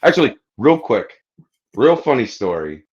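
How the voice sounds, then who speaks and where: Lively man, lo-fi sound. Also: medium pitch, normal speed. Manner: lively, profane anecdotes. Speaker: podcast co-host. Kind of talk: casual chat.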